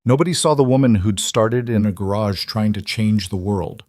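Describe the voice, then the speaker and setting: A man narrating a scripted story in a steady, even manner. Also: fairly low pitch, normal speed, no room sound, clean studio sound.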